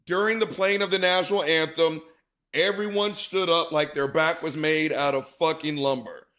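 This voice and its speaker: A man's voice: a little high, steady tone, normal speed, bright, forceful tone. A man co-hosting a show, talking casually and profanely to his viewers in a chatty storytelling way. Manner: chatty storyteller, profane, calls audience "gang". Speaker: show co-host.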